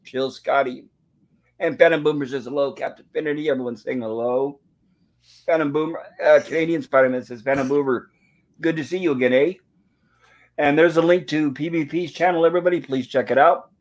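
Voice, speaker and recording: A man's voice: on the high side, steady tone, fairly quick. A man hosting a review livestream, casually reading out viewer comments in a friendly, rambling way with many fillers.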